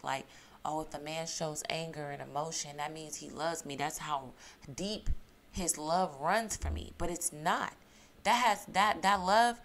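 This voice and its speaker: A woman's voice: fairly low pitch, a bit bright. A woman giving emphatic reality TV recap commentary, repeating her points and asking her viewers questions. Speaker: YouTube commentator.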